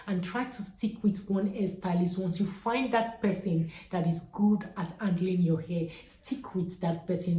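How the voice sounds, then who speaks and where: Emphatic woman in an echoey room. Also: fairly low pitch. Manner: emphatic, repeats key points, warmly urging. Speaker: hair care vlogger. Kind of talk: earnest advice vlog.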